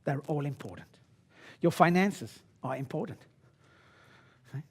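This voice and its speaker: A man in his sixties, a chiropractor giving a live seminar talk, blunt and swaggering with salty language and sudden loud shouted bursts. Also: on the high side, expressive, a little slow, creaky, slightly rough.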